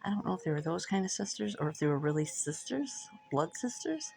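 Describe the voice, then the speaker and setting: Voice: mid-range voice, big pitch swings, fairly quick, creaky, a little mellow, faint music behind. A middle-aged vlogger chatting casually over coffee, frank and profane, rambling and laughing between thoughts.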